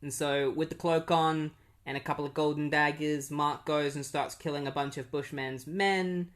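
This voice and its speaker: A man's voice: fairly high pitch, fairly even intonation, normal speed, a bit bright. Rambling man recapping a comic. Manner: rambling, filler-heavy storytelling. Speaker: comic book reviewer. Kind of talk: casual plot recap.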